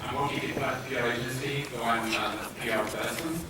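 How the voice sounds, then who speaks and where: A man with a Polish accent giving a conference talk, speaking haltingly with many filler sounds and restarts. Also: medium pitch, fairly even intonation. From Poland. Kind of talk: conference presentation. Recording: echoey hall, distant mic, noisy.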